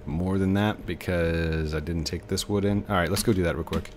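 Playing a video game, a man keeps up a chatty, meandering commentary aimed at himself and the game. He speaks low at normal speed, with fairly even intonation, a darkish tone and a little background noise.

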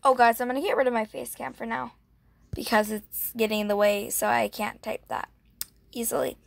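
A woman's voice: a little high, fairly even intonation, brisk, a little hiss or hum. A young woman chatting casually over a game, gushing and gasping, filling her talk with "like". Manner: gushing, breathy gasps, lots of "like". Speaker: gaming vlogger. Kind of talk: casual gameplay commentary.

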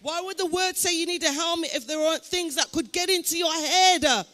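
A woman pastor leading fervent prayer in a church, preaching in a sing-song cadence, breaking into tongues and shouted declarations. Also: very high-pitched, a little fast. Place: church building.

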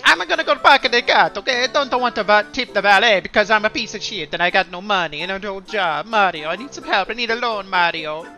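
A man's voice: high voice, fast, hardly any pauses, pushed and bright, full character voice, low-quality recording. A man voicing Luigi as a goofy, broke younger-brother plumber who whines and pities himself, with game music faintly behind. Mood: whiny.

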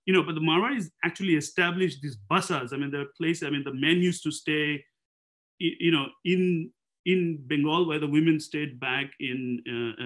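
A man's voice: on the high side, a bit bright. A man speaking as a panelist in an academic seminar, thinking aloud in a discursive way and posing rhetorical questions.

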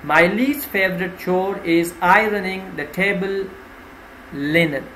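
A man teaching vocabulary, reading out each word with its meaning and an example sentence in a slow, deliberate way, pointing out which syllable to stress. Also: sits high, sharp tone. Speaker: English teacher. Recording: roomy with faint ambient noise.

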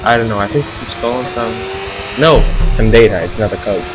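A man's voice: fairly low pitch, fairly quick, rough recording. A man giving casual let's-play commentary, chatty and musing aloud, with sudden exclaims at setbacks. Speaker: gamer playing through an action game. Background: game music.

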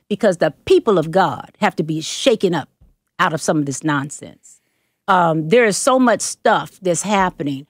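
A woman's voice: fairly low pitch, expressive, moderate pace, no echo. Preacherly woman with an Atlanta twang. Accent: Southern Atlanta twang. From Oakland and Berkeley, California. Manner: emphatic, preacherly, repeats phrases. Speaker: prophetess and minister guest. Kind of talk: casual interview talk.

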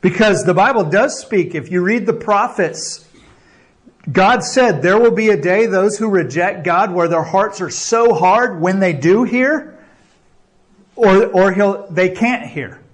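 A male pastor preaching with a notably high-pitched voice. He is earnest and exhorting, and keeps checking in with his listeners with a quick "okay?" or "right?". He builds emphasis by repeating phrases over and over. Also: expressive. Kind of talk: sermon.

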